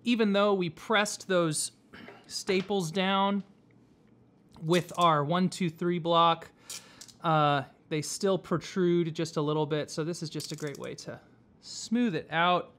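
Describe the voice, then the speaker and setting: A man teaching whipmaking, explaining each step patiently with frequent pauses and fillers. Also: on the high side, fairly even intonation, fairly bright tone. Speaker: whipmaking instructor. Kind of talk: hands-on craft tutorial. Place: workshop.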